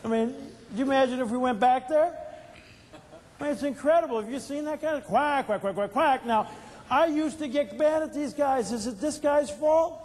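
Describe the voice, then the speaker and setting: A man's voice: extremely high pitch, normal speed, a little mellow. An older man giving a motivational keynote talk, asking the audience questions and answering them himself in a playful storytelling way. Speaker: keynote speaker. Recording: reverberant hall.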